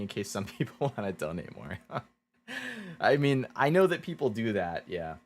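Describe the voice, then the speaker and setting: A man's voice: medium pitch, big pitch swings, normal speed, a little hiss or hum. A male streamer chatting casually while playing a game, rambling with lots of "like"s.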